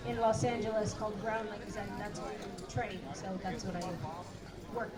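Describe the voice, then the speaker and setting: A woman's voice: medium pitch, fairly even intonation, normal speed, recorded from a distance. A woman who is an actress and panel guest, talking playfully and teasingly on a live stage. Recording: roomy, off-mic, loud crowd.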